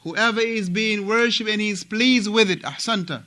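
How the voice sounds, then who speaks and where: A man from Africa teaching a religious class at a mosque, animated and repetitive, often asking his students questions. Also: high voice, moderate pace. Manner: animated, repeats words and asks students questions.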